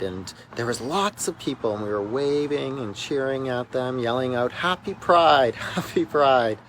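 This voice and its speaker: A man's voice: mid-range voice, slight background noise, low-quality recording. A man, a minister, telling a personal story in a church video message, recorded outdoors beside a church walkway. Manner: earnest storytelling, emphatic in places.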